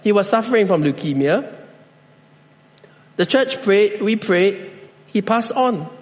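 A man preaching a sermon as pastor, speaking slowly and deliberately with measured pauses. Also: sits high, animated, big-room sound.

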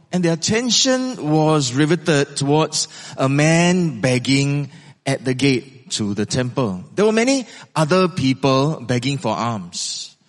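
A man delivers a sermon in storytelling mode, pausing dramatically and asking the listeners questions. His voice sits a little high and echoes with long reverb through a large hall. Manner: dramatic, varied pacing, rhetorical questions. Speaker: preacher.

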